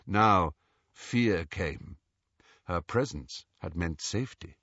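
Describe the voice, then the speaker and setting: Husky guy narrating an audiobook, voice swings up and down a lot, dull dry recording. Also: deep voice, slow, no room sound. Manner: expressive storytelling with hushed passages. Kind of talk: scripted narration.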